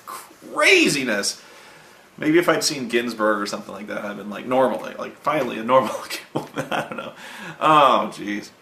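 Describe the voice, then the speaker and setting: A man's voice: mid-range voice, big pitch swings, moderate pace, gravelly, bright, forceful tone, echoey room, slight background noise. A young man telling a long rambling, profane anecdote in a casual vlog, mocking himself and laughing along the way. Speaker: online video host.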